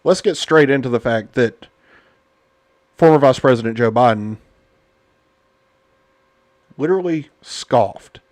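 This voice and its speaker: An American man, an adult parent, hosts a casual political podcast in an expressive, medium-pitched, slightly mellow voice. He speaks at a measured pace with long pauses, sounding blunt and indignant and using many fillers, in a dry recording.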